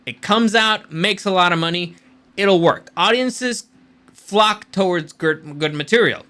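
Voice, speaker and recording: A male host runs a casual commentary show and talks in a blunt, opinionated way, sometimes swearing. His voice is bright and forceful, and it sits a little high. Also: measured pace.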